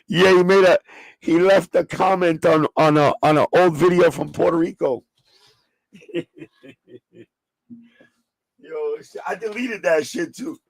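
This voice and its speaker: A man's voice: on the high side, slow pace, creaky, long pauses, no room sound. A man with a New York accent hosting a casual sneaker livestream, swearing freely and talking with viewers in the chat. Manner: profane, streetwise, chatting with live viewers.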